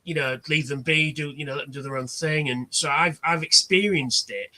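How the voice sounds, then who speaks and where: A man's voice: fairly high pitch, moderate pace, pushed and bright. A man hosting a casual livestream chat, telling anecdotes and acting out the quoted exchanges. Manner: chatty storyteller, acts out quoted exchanges. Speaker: livestream host.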